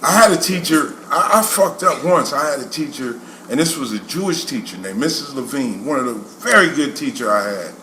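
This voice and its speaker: A man's voice: mid-range voice, fairly quick, few pauses. A man hosting a podcast, telling a childhood story in casual chat and acting out the people in it. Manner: animated, acts out quoted voices, laughs often. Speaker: podcast host. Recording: echoey room with noise.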